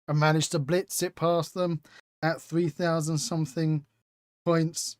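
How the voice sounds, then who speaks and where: A man's voice: on the high side, little pitch movement, a little slow, no echo, clean studio sound. A man hosting a live stream, chatting casually and reading out chat with self-mocking humor. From England.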